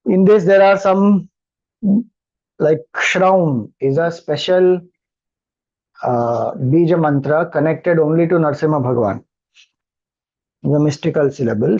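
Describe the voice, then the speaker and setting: A man with an Indian English accent teaches scripture in a slightly high, patient voice. He chants verses slowly and then unpacks them one phrase at a time. The recording sounds dull and lo-fi. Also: darkish tone. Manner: slow, explanatory, chants mantras then explains. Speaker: spiritual teacher. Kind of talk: scripture discourse.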